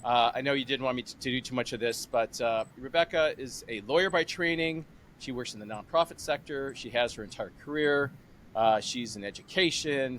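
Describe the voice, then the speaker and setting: Animated man in his sixties hosting a podcast. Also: medium pitch, a little hiss or hum. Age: 60s. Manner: animated, retells phone calls with lively imitated voices. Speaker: podcast host. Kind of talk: casual interview.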